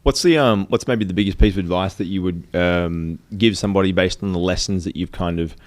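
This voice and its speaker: A man's voice: low-pitched, fairly quick. A podcast host. He talks in an easygoing, rambling way, winding through his questions and stories with ums and restarts. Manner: easygoing, laughs along, rambling questions with fillers. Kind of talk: casual interview chat.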